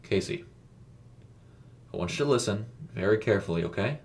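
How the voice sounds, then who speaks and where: A man's voice: on the low side, expressive, fairly quick. A man voicing a condescending, secretive middle-aged man who turns coldly stern.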